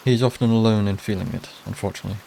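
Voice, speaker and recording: A man voicing a nobleman's male servant in a game, speaking in a measured, courteous, formal way. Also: on the low side, steady tone, vocal fry, mellow, a little hiss or hum.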